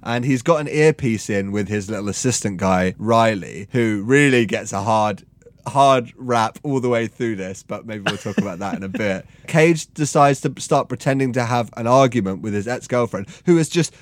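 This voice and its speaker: Guy hosting a movie podcast, lively and opinionated, dry close sound. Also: mid-range voice, moderate pace, no room sound. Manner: animated, amused, opinionated. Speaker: podcast host. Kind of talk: casual film chat.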